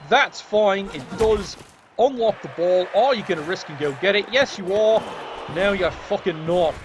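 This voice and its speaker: Talking to the players directly with sardonic, offhand profanity, a male game commentator delivers his play-by-play at normal speed. His voice rides well above the usual male register. Audible background noise hums through the whole recording.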